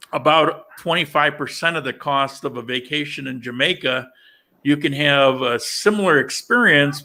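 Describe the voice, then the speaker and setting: A man from upstate New York hosting a casual livestream chat, talking in a halting way with many restarts and fillers. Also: mid-range voice, sharp tone. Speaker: livestream host.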